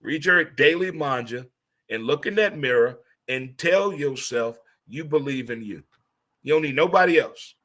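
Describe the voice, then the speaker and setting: A man from St. Louis hosting a casual monologue, animated and preachy, swearing freely as he gives pep talks. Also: a little high, moderate pace. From St. Louis, USA. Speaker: host.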